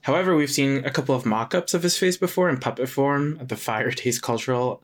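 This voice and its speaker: A man's voice: medium pitch, fairly quick. Man sharing trivia in a casual podcast. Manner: reads out fun facts, hesitant fillers. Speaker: podcast co-host.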